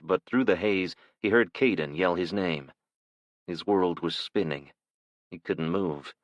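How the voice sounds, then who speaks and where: A man narrating a thriller audiobook in a measured, steady storytelling manner. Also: sits low, no room sound, highs cut off.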